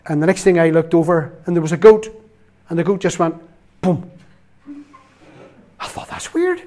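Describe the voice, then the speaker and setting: Northern Irish male lay preacher, middle-aged, slightly higher voice, chatty storyteller who laughs and repeats himself. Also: steady tone, fast, dark tone. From Northern Ireland. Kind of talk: storytelling sermon.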